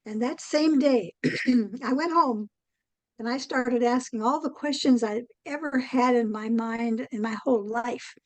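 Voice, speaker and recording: An older woman, a guest in an interview, telling a long story in a rambling way, with many pauses and "um"s. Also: fairly high pitch, dry recording, rough recording. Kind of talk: casual interview chat.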